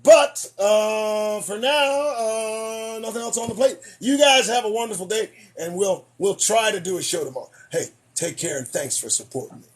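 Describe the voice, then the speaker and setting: A man hosting a podcast, losing his voice, delivering an emphatic, preachy commentary monologue that swings between loud declarations and muttered asides. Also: high voice, moderate pace, hardly any pauses. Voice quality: husky. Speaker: podcast host.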